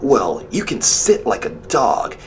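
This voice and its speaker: A man voicing a big, crude high school bully who growls his threats low and hushed in a comedy skit. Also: huge pitch swings, slow, a little hiss or hum. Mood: taunting.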